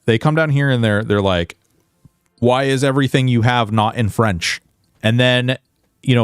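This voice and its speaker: A man's voice: mid-range voice, clean tone, no room sound, studio quality. A Canadian man streaming a video game, chatting in a rambling, casual way and swearing now and then. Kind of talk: casual gaming stream chat.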